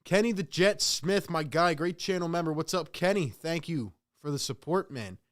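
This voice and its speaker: A man's voice: fairly high pitch, moderate pace. A man hosting a live play-by-play reaction stream, calling the game casually and venting in exasperation while he talks to his chat.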